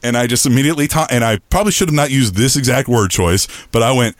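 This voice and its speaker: A middle-aged man with a booming voice tells a story on a podcast, his pitch swinging widely as he acts out what each person said. The recording is dry and close, with no room sound behind him. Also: rapid-fire, few pauses, no echo. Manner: animated, acts out quoted lines in a raised pitch. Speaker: podcast co-host. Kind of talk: casual storytelling chat.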